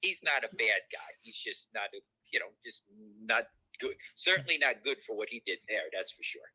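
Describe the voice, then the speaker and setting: A man's voice: medium pitch, expressive, moderate pace, pushed and bright, slightly rough, low-quality recording. A man who is a podcast guest, talking in a rambling, hesitant way and defending himself. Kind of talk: casual chat.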